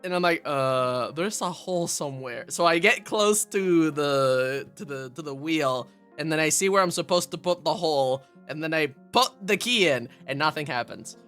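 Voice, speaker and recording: A streamer casually telling a funny story to chat, animated and laughing often at their own expense. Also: mid-range voice, moderate pace, hardly any pauses, smooth, soft background music.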